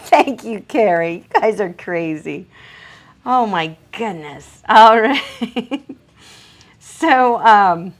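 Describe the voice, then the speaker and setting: A middle-aged woman, a professional dog groomer, chatting on a live stream and reading viewer comments in an excitable, gushing way with frequent laughter. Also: mid-range voice, extremely slow.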